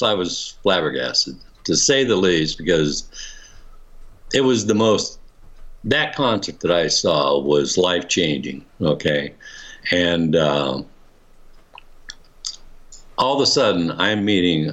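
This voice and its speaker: Deep-voiced older man telling a story. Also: very animated, slow pace, pauses often, a bit bright. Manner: rambling, many restarts, chuckles while telling. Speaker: interviewee. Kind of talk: casual storytelling. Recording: dull lo-fi recording.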